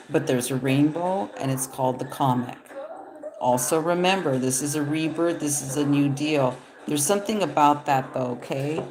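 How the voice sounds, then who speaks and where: A woman's voice: low-pitched, moderate pace, a crowd in the background. A woman reading tarot cards live, talking in a loose, rambling, profane way. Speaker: tarot reader. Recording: echoey room.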